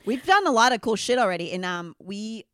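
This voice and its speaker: A woman's voice: mid-range voice, very animated, a little fast, a bit bright, clean tone, dry recording, clean studio sound. A woman co-hosting a podcast in casual chat, enthusiastic and laughing often. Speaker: podcast co-host.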